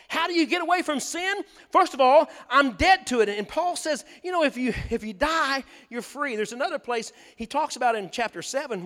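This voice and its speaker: Preacher guy, real high voice, folksy and emphatic, church echo all around. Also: fairly bright tone. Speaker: pastor. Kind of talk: sermon. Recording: long hall reverb.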